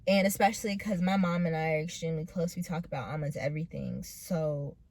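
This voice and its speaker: A young woman in her late teens telling her own story in a vlog, hesitant and full of pauses, earnest and close to tears. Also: low-pitched, darkish tone. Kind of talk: personal storytelling.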